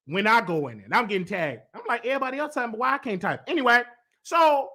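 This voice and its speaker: A man hosting his own show launches into a heated rant. His voice sits high and bright. He piles up repetitions and acts out what others said with emphatic force. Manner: animated, emphatic, repetitive, with acted-out quotes. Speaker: host. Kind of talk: heated live-stream rant.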